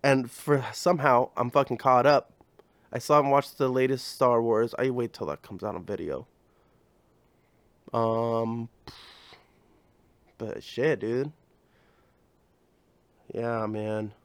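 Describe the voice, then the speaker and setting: A man's voice: medium pitch, fairly even intonation, slow, long pauses, clear, resonant tone, dry recording. A young man hosting a podcast, chatting in a casual, rambling way, full of slang, swearing and fillers. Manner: profane, slangy, filler-heavy. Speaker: podcast host. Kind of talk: casual rambling comedy chat.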